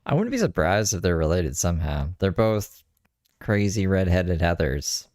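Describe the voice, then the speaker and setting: A man's voice: low-pitched, sing-song, normal speed, a little mellow, no echo, studio quality. A man giving casual, sarcastic running commentary over clips he is watching. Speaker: commentary streamer.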